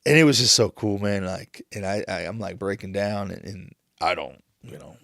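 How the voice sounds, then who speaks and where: Thirties guy, gravelly low voice, choked up, keeps restarting, dry close sound. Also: a bit bright, no echo. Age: 30s. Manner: emotional, halting, many restarts. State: tearful. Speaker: podcast host. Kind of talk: casual chat.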